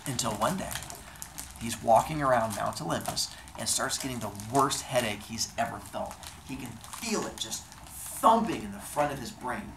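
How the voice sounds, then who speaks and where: A man's voice: medium pitch, expressive, moderate pace, noisy background. A man telling Greek myths in a playful, chatty comedic style, recorded in an echoey room. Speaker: storyteller. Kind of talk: casual comedic storytelling of myths.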